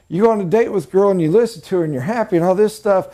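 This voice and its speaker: A middle-aged man giving a live sales training lecture, emphatic and animated, jumping up in pitch to stress points. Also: rapid-fire, few pauses.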